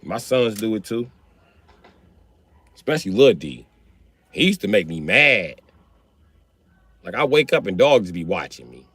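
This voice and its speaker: A man in his thirties telling comic stories about his kids in an animated, profane way, jumping into high yelps. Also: a little slow, long pauses, husky. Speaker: stand-up comedian. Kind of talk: stand-up storytelling.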